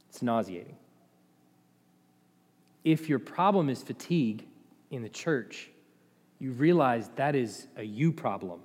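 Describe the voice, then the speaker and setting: A man preaching a sermon as pastor, passionate, rising to loud emphatic peaks and dropping to low, quiet asides. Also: expressive, unhurried, pauses often, breathy edge. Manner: impassioned, swings between loud and quiet. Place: church sanctuary. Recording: long hall reverb.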